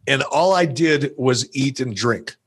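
A man's voice: medium pitch, lively intonation, a little slow, fairly bright tone, slightly rough. Profane, playful male storyteller. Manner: profane, playful, self-amused. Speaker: podcast guest. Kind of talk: casual storytelling.

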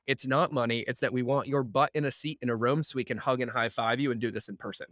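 A man's voice: medium pitch, steady tone, quick pace, fairly bright tone, dry recording, studio quality. A man hosting a podcast, chatting casually and emphatically, swearing freely and often. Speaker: podcast host. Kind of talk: casual chat.

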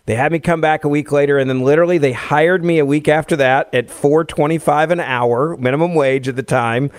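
A man in his forties from Tennessee, a radio host telling a personal story as an interview guest, lively and laughing easily. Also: on the high side, fairly quick.

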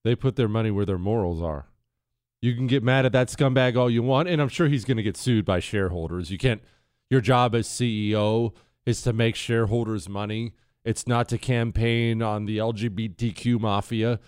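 A man's voice: fairly low pitch, moderate pace, a little mellow, clear, resonant tone, no room sound, clean studio sound. Brash sarcastic male radio host. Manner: brash, sarcastic, mocking impressions. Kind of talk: opinionated radio talk.

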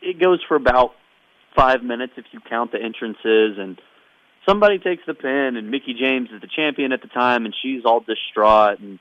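A man hosting a casual podcast chat, recapping events as an animated storyteller with wry asides. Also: mid-range voice, moderate pace, no echo, highs cut off.

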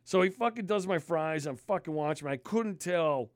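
A man's voice: fairly high pitch, moderate pace, no echo, clean studio sound. A man telling a disgusted, swear-filled story in casual podcast chat. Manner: animated, swears constantly, disgusted ranting. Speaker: podcast host.

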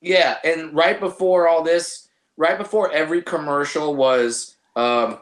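A man, a comedian guest, chatting casually on a podcast with halting restarts and profane jokes. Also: fairly high pitch, a loud crowd. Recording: echoey room.

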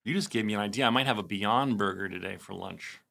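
A man's voice: fairly low pitch, fast, creaky. A man co-hosting a podcast in casual chat, telling behind-the-scenes stories and acting out little voices. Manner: animated storyteller, acts out voices. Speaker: podcast co-host.

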